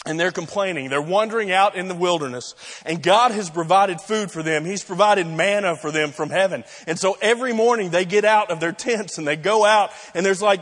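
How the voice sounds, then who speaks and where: A man's voice: high-pitched, husky, big-room sound. A man preaching a sermon, telling stories and acting out the voices in quotes. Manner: storytelling, acts out voices in quotes. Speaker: pastor.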